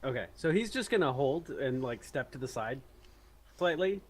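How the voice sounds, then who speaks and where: A man's voice: medium pitch, lively intonation, moderate pace. A man playing a tabletop game, thinking aloud hesitantly with many fillers as he describes his character's actions. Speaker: player. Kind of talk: casual gameplay chat.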